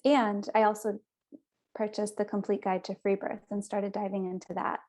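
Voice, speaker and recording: A woman's voice: mid-range voice, flat delivery, moderate pace, darkish tone. A young woman guest on a podcast, telling her personal story in an earnest, chatty way. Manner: earnest, chatty, with small restarts.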